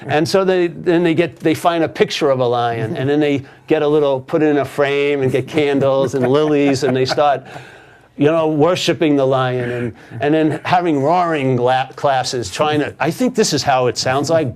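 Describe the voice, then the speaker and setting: Animated, casual male storyteller. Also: a little high, normal speed. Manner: casual, animated, tags with "yeah?". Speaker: spiritual teacher. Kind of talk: storytelling in a conversation.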